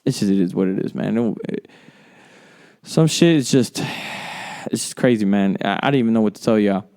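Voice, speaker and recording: Man ranting profanely, smooth voice. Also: fairly low pitch, normal speed, darkish tone. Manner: profane, rambling and heated. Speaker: sports podcast host. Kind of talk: solo sports commentary rant.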